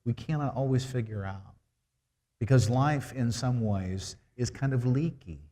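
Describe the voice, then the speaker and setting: A man's voice: mid-range voice, measured pace, dark tone. Conversational male preacher. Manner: conversational, rhetorical questions. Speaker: preaching minister. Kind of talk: sermon.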